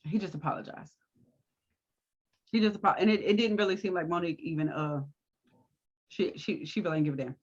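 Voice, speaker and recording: A woman co-hosting a casual TV recap, with quick, sassy reactions and asides. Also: lowish voice, fairly even intonation, breathy edge, highs cut off. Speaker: co-host of a TV recap show.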